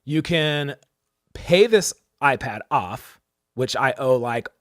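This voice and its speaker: A man's voice: medium pitch, animated, takes it slowly, dry recording, clean studio sound. A young man co-hosting a podcast, telling a story casually and animatedly, acting out the people he quotes, with lots of "like" and "dude". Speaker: podcast co-host.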